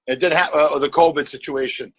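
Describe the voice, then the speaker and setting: A middle-aged man hosting a podcast, talking in an animated, rambling way with swearing and laughter. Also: fairly high pitch, fast talker, husky, dry recording, rough recording. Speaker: podcast host. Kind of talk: casual podcast conversation.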